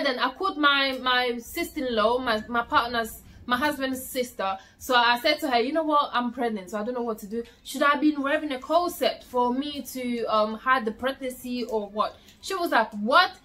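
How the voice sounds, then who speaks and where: A young woman telling her own story in a casual vlog, acting out the voices of the people she quotes, swinging from loud outbursts to hushed asides. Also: a little high, moderate pace, few pauses. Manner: frequent fillers and restarts, swinging from loud to hushed. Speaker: vlogger.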